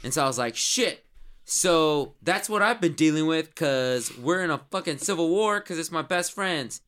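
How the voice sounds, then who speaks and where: A man's voice: a little high, animated, normal speed, fairly bright tone, smooth. A man voicing a brash, crude male jock team captain who rambles boastfully and swears constantly. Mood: swaggering rant. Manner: swaggering, profane, rambling storyteller.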